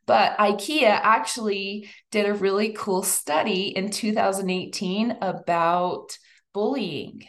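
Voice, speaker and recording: A woman's voice: medium pitch, slow. A woman giving a chatty, emotional talk to a live audience. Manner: chatty and emotional, lively asides. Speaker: speaker at a women's event.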